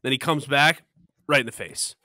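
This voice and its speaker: A man's voice: mid-range voice, moderate pace, dry recording, studio quality. A man co-hosting a casual sports podcast, playful and teasing as he talks through his picks. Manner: playful, teasing, lively storytelling. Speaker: podcast co-host. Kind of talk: casual sports betting chat.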